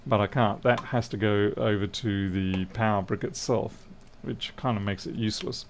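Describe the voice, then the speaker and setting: A man's voice: lowish voice, steady tone, moderate pace, a little hiss or hum. A middle-aged Australian man with an Australian accent, chatting casually and self-deprecatingly on a repair livestream. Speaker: electronics repair streamer. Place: indoor workshop.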